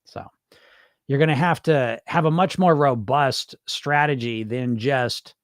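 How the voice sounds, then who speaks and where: With a medium pitch and a slightly slow delivery, a man talks on a weight loss live stream in a dry recording with clean studio sound. He responds bluntly to viewers' comments, swearing freely. In animated, casual fashion, he acts out what dieters tell themselves.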